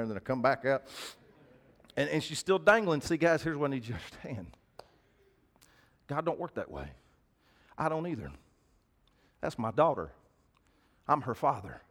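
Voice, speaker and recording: Middle-aged man, folksy pastor addressing his flock in a sermon. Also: mid-range voice. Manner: folksy, talks to congregation directly. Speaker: preacher.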